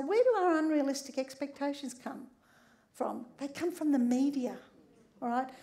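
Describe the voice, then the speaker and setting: A high-voiced, middle-aged woman speaks to a room as a sex therapist giving a humorous public talk. She is a lively storyteller who keeps checking in with her listeners and tags many of her lines with "all right?". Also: gravelly.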